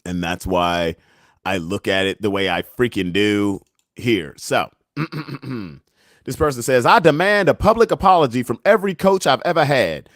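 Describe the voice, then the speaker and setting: A man's voice: medium pitch, lively intonation, unhurried, a bit bright, no room sound, studio quality. A young man hosting a casual livestream, reading the chat and memes aloud, joking and laughing often in a laid-back way. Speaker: livestream host.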